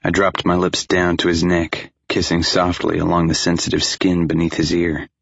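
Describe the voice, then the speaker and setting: A man narrating a first-person audiobook in a steady, intimate storytelling manner. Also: low-pitched, moderate pace, creaky, no echo, dull audio.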